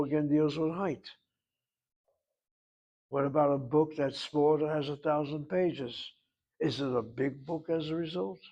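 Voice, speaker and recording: A man's voice: a little high, a little mellow, muffled recording. A man teaching a language class, patiently explaining at length and asking rhetorical questions. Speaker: Hebrew instructor.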